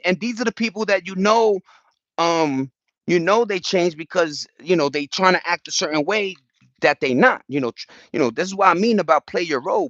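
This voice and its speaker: Animated New man ranting on stream. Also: sits high, dry recording, lo-fi sound. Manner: animated, profane street slang, acts out quotes. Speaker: livestream host. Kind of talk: casual livestream rant. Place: outdoors.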